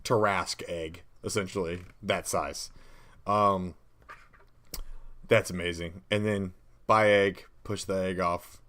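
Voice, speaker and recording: A man co-hosting a podcast, chatting in an animated, rambling way and laughing often while brainstorming game ideas. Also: low voice, takes it slowly, long pauses. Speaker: podcast co-host. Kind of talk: casual brainstorming chat.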